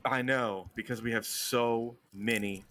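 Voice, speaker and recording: A man's voice: medium pitch, steady tone, measured pace, fairly bright tone. Laid-back man weighing draft picks. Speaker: podcast co-host. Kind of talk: casual fantasy football draft chat.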